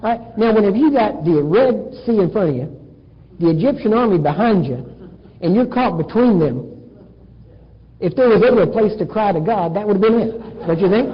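A man preaches with a husky, high-pitched voice, animatedly telling a Bible story and voicing its characters. The sound is muffled and lo-fi, with a long reverb from a large hall. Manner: animated storytelling, acting out dialogue. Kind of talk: sermon. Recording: dull echoey hall recording.

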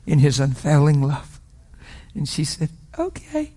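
A middle-aged man preaching a sermon with a somewhat high-pitched voice. He tells his story with strong emotion, rising loud and then dropping to a hush. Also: steady tone, normal speed, a little hiss or hum. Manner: emotional storytelling, shifts from loud to hushed whispers. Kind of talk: sermon testimony.

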